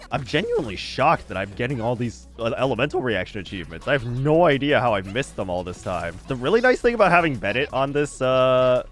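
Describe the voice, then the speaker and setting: Chatty, lively man over game music. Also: mid-range voice. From United States. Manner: chatty, laughs often, animated reactions. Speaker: streamer playing a game. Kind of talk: casual gameplay commentary.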